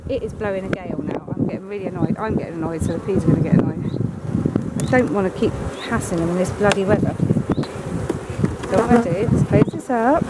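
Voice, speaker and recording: A woman working a hive outdoors, her everyday mid-pitched voice cutting through loud wind and buzzing bees. She talks her way through the job bluntly and casually, swears a little, and coaxes the insects along as she goes. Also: quick pace. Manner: chatty, blunt, mildly swearing, coaxing the bees. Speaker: beekeeper. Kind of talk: casual hands-on commentary while working. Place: outdoors at beehives on a windy day.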